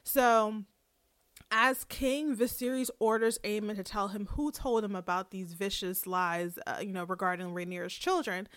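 A woman in a casual chat, retelling a TV episode in a chatty, animated way and acting out quotes. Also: mid-range voice, moderate pace, no echo, studio quality. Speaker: podcast co-host.

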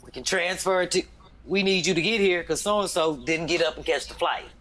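A woman's voice: on the low side, fairly quick, fairly bright tone. A woman who is a full-time comedian, talking bluntly and emphatically in a casual chat. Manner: blunt, emphatic, talks with conviction.

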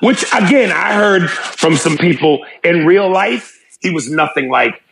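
High-pitched guy on a podcast, bouncy delivery, bit of gravel, riffing loose. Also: unhurried, slight background noise. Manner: animated, jumps into quoted voices and impressions. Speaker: podcast co-host. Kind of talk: casual podcast banter.

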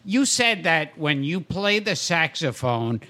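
A man co-hosting a casual interview, prompting the guest with slow questions. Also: fairly high pitch, big pitch swings, sharp tone. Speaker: co-host.

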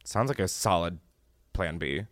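A man hosting a podcast in casual chat, joking and animated, his voice jumping from loud squeals down to low mutters. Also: measured pace, no echo, clean studio sound. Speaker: podcast host.

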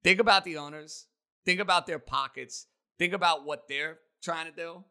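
A man hosting a sports talk show, delivering an opinionated monologue with emphatic, rapid-fire takes. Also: fairly high pitch, vocal fry, sharp tone, clear, resonant tone. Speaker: sports radio host.

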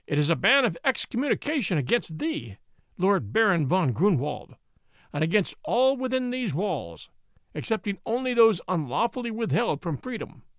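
An old captive monk pronounces in a solemn, ringing voice, as a male narrator puts him on. His pitch rises and falls a great deal in a dry, close recording. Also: sing-song, normal speed, a bit bright, no echo. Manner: solemn, sonorous reading.

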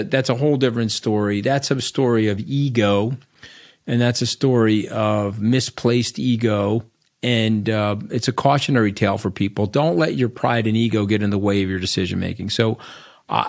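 A man's voice: lowish voice, a little mellow, dry recording, clean studio sound. A middle-aged man with a Long Island New York accent, a podcast guest telling stories in a blunt, rambling way and tagging lines with "okay?". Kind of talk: casual storytelling interview.

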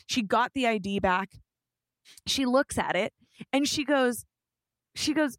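A young woman with a somewhat high voice tells a story in casual chat. She is animated, swears offhand and acts out the lines of the people in it. The sound is dry and close. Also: unhurried, no room sound. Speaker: guest storyteller.

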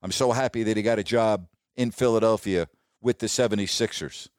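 A middle-aged man, a sports broadcaster, telling stories casually and warmly, dropping his voice when he quotes others. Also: fairly even intonation, brisk, dry recording, studio quality. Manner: warm, reminiscing, quotes others in a lowered voice. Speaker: sports broadcaster, podcast host. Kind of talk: casual storytelling monologue.

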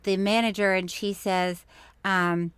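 A woman's voice: mid-range voice, unhurried, clear, resonant tone, no echo. A woman co-hosting a casual chat, telling stories with big bursts of laughter. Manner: animated storyteller, loud laughs. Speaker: podcast co-host.

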